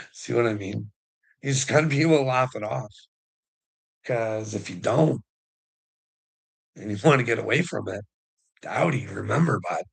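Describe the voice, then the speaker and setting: A man's voice: mid-range voice, vocal fry, slightly rough, low-quality recording. A middle-aged man ranting casually on a livestream, swearing, rambling and laughing often. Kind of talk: casual live rant.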